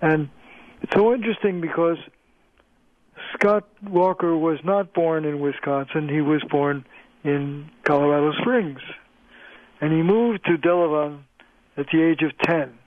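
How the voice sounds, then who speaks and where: A male linguist, a guest on a radio interview, explaining in a measured way with frequent pauses over the phone. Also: a little high, steady tone, no room sound. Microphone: telephone. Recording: tinny phone line, dry.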